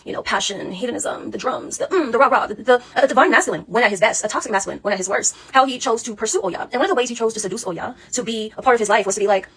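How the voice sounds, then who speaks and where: A woman spiritual coach talks in a casual, blunt and sassy monologue, swearing freely. Her words race out at great speed. Her voice sits somewhat high and has a husky edge. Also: very fast, hardly any pauses, fairly bright tone.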